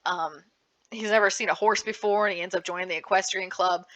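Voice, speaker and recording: A woman speaking with lively enthusiasm, recommending comics and manga in a casual panel talk. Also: mid-range voice, a little fast, lo-fi sound. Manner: lively, animated, frequent restarts and laughs. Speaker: librarian giving a book panel.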